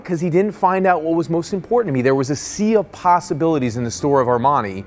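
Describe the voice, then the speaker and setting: A man giving a motivational sales lesson as a business coach, telling stories and acting out the people in them. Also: fairly high pitch. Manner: energetic, storytelling, acts out quoted voices.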